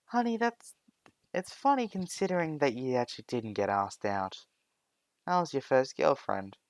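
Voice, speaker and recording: A man doing a gently teasing mom. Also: medium pitch, measured pace, clean tone, dry recording, clean studio sound, close to an everyday voice.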